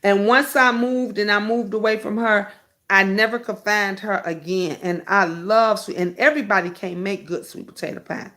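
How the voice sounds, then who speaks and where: A middle-aged woman hosting a casual live stream, chatting with viewers by name and breaking into high, excited bursts. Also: normal speed. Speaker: livestream host.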